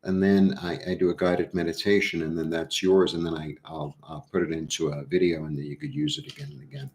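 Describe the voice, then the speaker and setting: A middle-aged man chatting casually through a live tarot reading, rambling with animated asides. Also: low-pitched. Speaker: tarot reader.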